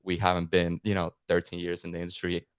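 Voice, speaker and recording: A man's voice: deep voice, completely flat delivery, fast, clear, resonant tone, no echo, studio quality. A man hosting a podcast, upbeat and friendly, introducing his guest with fillers. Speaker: podcast host. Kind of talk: casual interview hosting.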